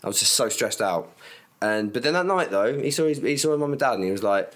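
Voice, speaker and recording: A man's voice: mid-range voice, quick pace. A man, co-hosting a casual podcast chat, telling long rambling stories full of restarts and swearing. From England. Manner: rambling, animated storyteller with many restarts; swears freely. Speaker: podcast co-host.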